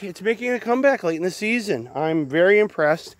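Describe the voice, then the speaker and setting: Man, slightly high voice, dry close sound, outdoors garden vlog, chatty, casual. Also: animated, fairly quick, a bit bright, no room sound. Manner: chatty, keeps addressing viewers as guys. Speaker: gardening vlogger. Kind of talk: casual walk-through vlog.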